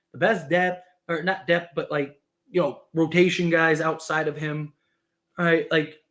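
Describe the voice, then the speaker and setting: Rambling man chatting on a livestream. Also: sits high. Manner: rambling, filler-heavy, laughs often. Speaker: basketball commentator and streamer. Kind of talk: casual livestream chat.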